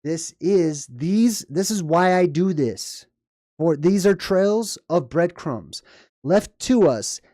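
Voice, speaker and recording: Male commentator, mellow tone, dry room, casual and rambling, keeps asking "right?". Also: high-pitched, expressive, takes it slowly, no room sound. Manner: rambling, frequent "right?" and "okay?" check-ins. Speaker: video commentator.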